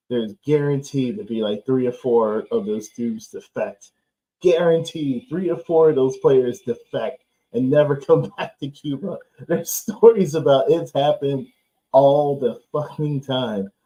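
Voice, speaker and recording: Brief: male stream host, mid-pitched, mellow tone, profane sarcastic chatter, slightly lo-fi mic. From United States. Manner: loose, profane, sarcastic, laughs often. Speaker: host of live watchalong stream. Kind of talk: casual live-stream chat. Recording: slightly dull, lo-fi stream audio.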